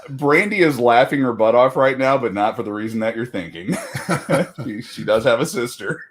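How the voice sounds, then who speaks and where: A middle-aged man talks in loose, casual conversation. He rambles through fillers and restarts and often laughs at his own jokes. His pitch sits in an ordinary middle range. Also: lively intonation, normal speed. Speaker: guest. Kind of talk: casual chat.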